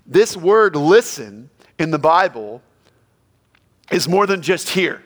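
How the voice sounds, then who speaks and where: A middle-aged male pastor preaching a sermon, dropping to a hush and then shouting out quoted lines. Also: fairly high pitch, takes it slowly, pauses often. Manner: animated, swings from hushed to shouting quotes.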